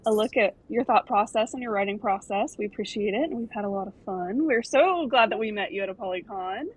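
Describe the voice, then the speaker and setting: Husky-voiced woman podcast co-host. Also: medium pitch, fairly quick, poor audio. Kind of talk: closing thanks to a guest.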